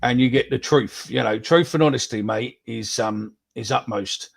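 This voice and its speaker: A man's voice: medium pitch, moderate pace, creaky. A man co-hosting a live football podcast, talking bluntly and swearing freely. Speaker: podcast co-host. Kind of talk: casual live-stream chat.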